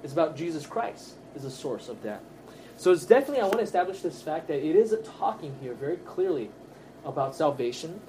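A man teaching a Bible study class, earnest and emphatic, often checking in with his listeners with quick tag questions. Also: a little high, very animated, warm tone, a little hiss or hum.

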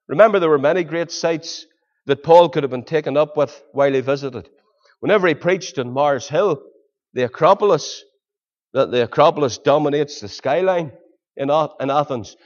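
Earnest preacher, lo-fi. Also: male voice, fairly high pitch. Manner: earnest, pleading rhetorical questions. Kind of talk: sermon. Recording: dull lo-fi sermon recording.

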